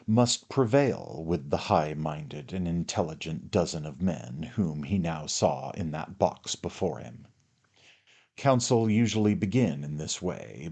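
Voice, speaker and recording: A man narrating a classic novel in a measured, formal reading. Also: deep voice, darkish tone. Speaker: audiobook narrator.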